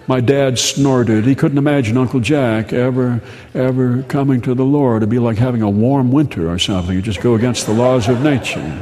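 Male host-storyteller, deadpan and unhurried, long reverb. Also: mid-range voice. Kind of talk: humorous storytelling monologue.

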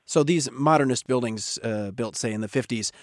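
A man hosting a public radio show, announcing in a relaxed, conversational way. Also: mid-range voice, normal speed, dry recording. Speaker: radio podcast host.

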